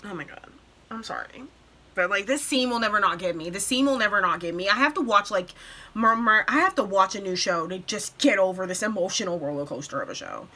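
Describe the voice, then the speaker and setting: A woman in her twenties who is tearfully gushing in a reaction vlog, her voice breaking into hushed asides as she cries. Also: mid-range voice, lively intonation, fast. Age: 20s. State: tearful, crying. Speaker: video creator.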